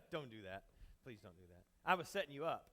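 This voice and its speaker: A man's voice: mid-range voice, big pitch swings, a little fast, a bit bright. A male pastor preaching a conversational sermon with a handheld mic, casual and joking with the congregation. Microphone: handheld microphone.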